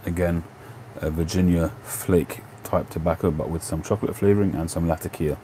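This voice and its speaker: A middle-aged man with a London Cockney accent talks casually to his livestream viewers. His voice sits very low and dark, and he rambles along in a relaxed way, correcting himself and filling pauses with ums. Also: slight background noise. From England. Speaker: livestream host. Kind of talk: casual chat answering viewer questions.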